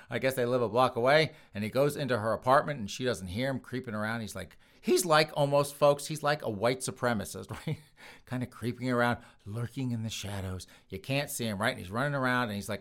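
Animated male podcast host. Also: mid-range voice. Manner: animated, laughing, addresses listeners as folks. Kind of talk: comedic news commentary.

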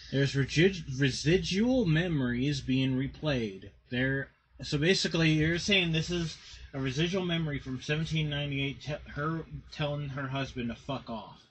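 A man's voice: a little high, normal speed, a little hiss or hum, poor audio. A man co-hosting a casual podcast, reading stories aloud and joking crudely between fits of laughter. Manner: laughs often, jokey and crude. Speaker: podcast co-host.

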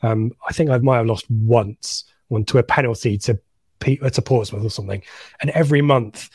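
A man co-hosts a casual live stream, reading viewer comments aloud with lots of ums and restarts. His voice sits at an ordinary pitch. The sound is dry and close. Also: steady tone, a little fast, darkish tone, breathy edge, no echo. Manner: rambling, many ums, reads names aloud. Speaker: co-host of a live fan stream.

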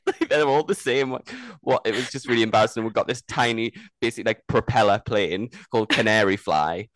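A man's voice: mid-range voice, animated, fairly quick, hardly any pauses, dry recording. A man co-hosting a podcast, telling stories in casual chat and laughing often. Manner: chatty storytelling, laughs often. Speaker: podcast co-host.

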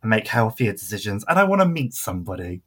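Giggly young man, bright voice. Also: fairly low pitch, big pitch swings, fast. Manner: giggly, trails off quietly. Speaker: podcast co-host. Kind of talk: casual chat.

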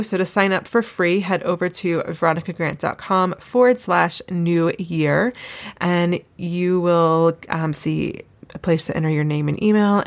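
Woman dating-coach host, low-pitched with a gravelly fry, upbeat and chatty, talking straight to her listeners. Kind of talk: casual solo podcast monologue.

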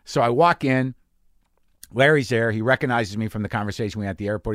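A man's voice: mid-range voice, fast, fairly bright tone, no room sound, studio quality. A man hosting a podcast from a garage, telling stories in a rambling, profane, self-deprecating monologue. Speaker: podcast host. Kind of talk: casual monologue. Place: garage studio.

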